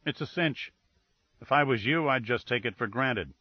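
A man's voice: mid-range voice, moderate pace, no room sound, muffled recording, lightly acted. A man doing a breezy slangy private eye. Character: wisecracking male private eye, evasive.

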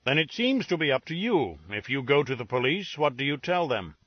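Deliberate, formal older detective , read by a man, slightly low and unhurried; dull lo-fi sound. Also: big pitch swings, dry recording. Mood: measured. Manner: formal, measured and precise. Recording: dull lo-fi recording.

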